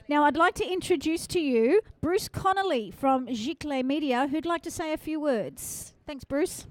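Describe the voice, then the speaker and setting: A woman chairs a judging panel, her high voice playful as she jokes between announcements. The sound is dry and close, with little room around it. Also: animated, normal speed, hardly any pauses, no room sound. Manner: playful, jokey. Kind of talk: event announcing. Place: judging room at a photography awards event.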